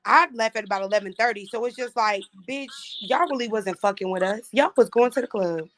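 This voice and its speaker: A woman's voice: mid-range voice, brisk, slight background noise. A young woman from Florida, chatting casually and bluntly about an audition with lots of slang and profanity. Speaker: audition contestant. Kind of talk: casual chat.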